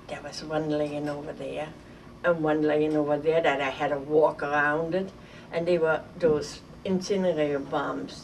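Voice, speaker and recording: An older woman from Germany telling a vivid, halting story from her childhood in an oral history interview. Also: low voice, creaky. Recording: distant mic with faint noise.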